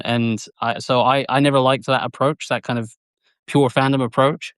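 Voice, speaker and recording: A man appearing as a guest analyst in casual sports chat, explaining things in a measured, thoughtful way with frequent fillers. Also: medium pitch, little pitch movement, a bit bright, clean tone, dry recording.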